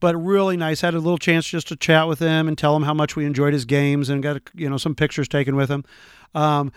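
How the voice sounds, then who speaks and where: A man with a fairly high, smooth, clear voice tells a story in casual chat, animated and quick to laugh. He acts out quotes as he goes. The sound is close and dry. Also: no echo. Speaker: podcast co-host.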